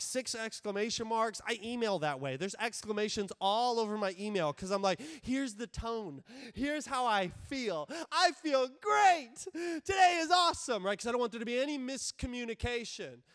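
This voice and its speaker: Man, pastor, thirties, high voice, animated, jokey sermon, acts out quotes. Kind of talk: humorous sermon.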